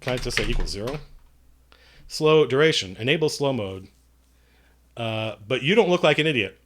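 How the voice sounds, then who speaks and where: A man talking at his desk mic during a live stream, midrange in pitch and easygoing. He reads chat questions aloud and rambles through his answers. He jokes about himself as he goes. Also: animated, moderate pace, background noise. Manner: self-deprecating, jokey.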